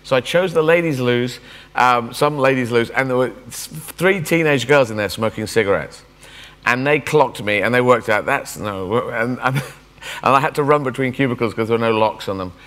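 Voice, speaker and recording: A comedian in his fifties riffs through a keynote speech, animated and self-mocking as he jumps between thoughts. His voice is bright and forceful, and a long reverb from a large conference hall hangs behind it. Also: mid-range voice, normal speed. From England. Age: 50s. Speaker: guest speaker.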